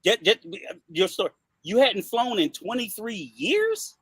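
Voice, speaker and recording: A man's voice: high voice, wildly swooping pitch, measured pace, a bit bright. A man hosting a casual interview, cutting in with probing follow-up questions. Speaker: podcast host.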